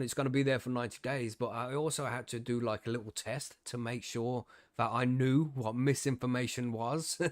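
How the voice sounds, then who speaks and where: A man's voice: mid-range voice, no echo, studio quality. A man hosting a casual podcast chat, joking around and laughing often. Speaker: podcast host.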